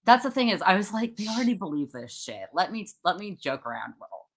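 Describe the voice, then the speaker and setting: A woman's voice: medium pitch, very animated, fast talker, a crowd in the background. A young woman hosting a casual conversation, a chatty storyteller who laughs often and mimics other people's voices. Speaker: host.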